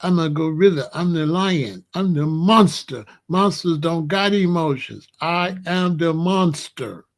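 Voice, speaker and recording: A high-pitched middle-aged man delivers a preachy monologue. He hammers his points home, repeating phrases for emphasis and swinging between drawn-out and rapid lines. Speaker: commentator. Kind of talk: monologue commentary to camera.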